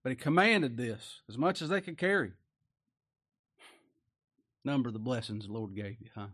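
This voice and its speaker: Folksy preacher, loud and soft. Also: male voice, medium pitch, moderate pace. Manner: folksy Bible preaching, reads scripture aloud, swings loud and soft. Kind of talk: sermon.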